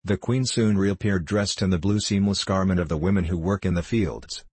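A man narrating a classic tale as an audiobook in a measured, even storytelling manner. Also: low-pitched, slightly rough, dry recording.

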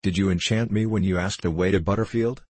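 A man's voice: low voice, steady tone, fast talker, darkish tone, no room sound. A man voicing a curious, polite little girl in an audiobook reading. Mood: earnest. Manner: polite, earnest.

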